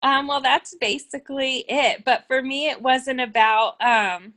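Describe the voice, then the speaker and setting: A woman's voice: high voice, steady tone, measured pace, pushed and bright, slight background noise, rough recording. A woman guest and team leader chatting casually on a video call, with lots of fillers. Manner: chatty, filler-heavy, laughs easily.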